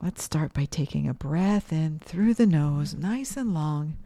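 A woman gently leading children through a breathing and mindfulness meditation, asking soft questions. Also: sits low, animated, dry recording. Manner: slow, soothing, gently questioning. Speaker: mindfulness teacher for kids.

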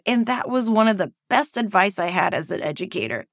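A woman, a former teacher, hosting a casual reflective podcast monologue in a playful, animated way. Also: medium pitch, brisk, no room sound, studio quality. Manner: playful and animated, acting out voices.

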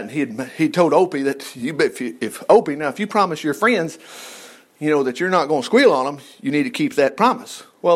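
Folksy man teaching scripture, rambling and joking, high voice that swings widely. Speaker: Bible teacher. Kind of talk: casual Bible teaching.

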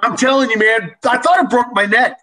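An older man telling a casual anecdote in an animated, folksy way, chuckling as he goes. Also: very high voice, fairly quick, crowd noise, low-quality recording. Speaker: storyteller.

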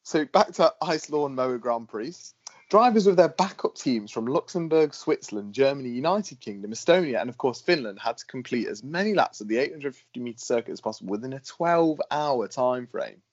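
A man's voice: medium pitch, animated, brisk, lo-fi sound. Chatty man on a podcast. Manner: chatty, laughs often, restarts a lot. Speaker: podcast co-host. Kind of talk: casual podcast chat.

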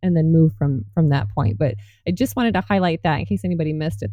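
Woman host, lower voice, dark and dry sound, emphatic and affirming. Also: brisk, hardly any pauses, no echo. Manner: emphatic, affirming, builds on guest's points. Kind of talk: casual conversational talk.

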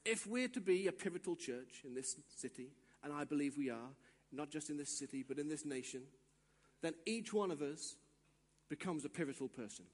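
A male pastor giving a sermon, acting out little dialogues and swinging from quiet asides to shouts. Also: fairly high pitch, expressive, moderate pace, long reverb tail.

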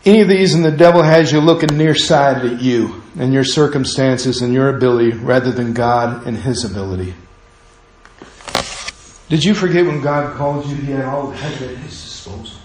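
A man preaching a sermon as pastor, shifting between quiet, intimate asides and rising, urgent calls to his congregation. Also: medium pitch, normal speed, slight background noise. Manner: swings from hushed asides to rising exhortation. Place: church sanctuary. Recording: very echoey church room.

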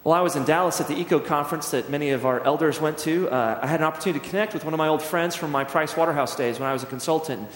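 A man's voice: fairly high pitch, racing, few pauses. A middle-aged man preaching a sermon as pastor, telling stories in a conversational way and acting out scenes. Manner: conversational storytelling, acts out scenes. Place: church sanctuary. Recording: echoey church hall.

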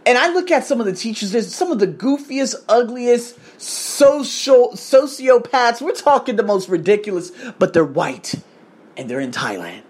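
A man's voice: sits high, slightly rough. An American man hosting a podcast, telling a story in a crude, emphatic, ranting way. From United States. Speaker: podcast host. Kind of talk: casual storytelling.

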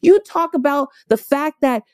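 Emphatic, dark-toned businesswoman giving advice. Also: high voice, unhurried, dry recording, studio quality. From Miami, Florida. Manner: emphatic, animated, repeats points for effect. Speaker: business owner. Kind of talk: motivational business talk.

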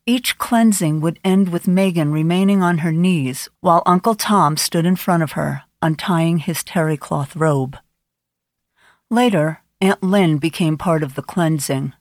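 A woman narrating an audiobook in a measured, grave storytelling manner. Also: on the low side, a little mellow, dry recording, studio quality. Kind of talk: scripted narration.

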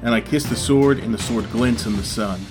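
A man playing a tabletop game who describes his character's actions in an animated, playful way. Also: mid-range voice, moderate pace, over music. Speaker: player.

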